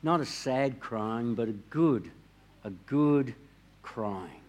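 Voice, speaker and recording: A man preaching a sermon, telling a story in a measured way and dropping his voice quietly on key words. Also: mid-range voice, expressive, highs cut off. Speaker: pastor.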